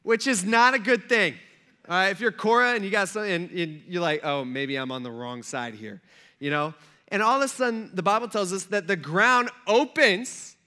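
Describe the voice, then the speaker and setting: A man's voice: high-pitched, animated, fairly quick, bright, forceful tone. A male pastor preaching a casual sermon, telling stories in a conversational way full of "like" and acted-out quotes. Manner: conversational storytelling with lots of "like" and voiced quotes.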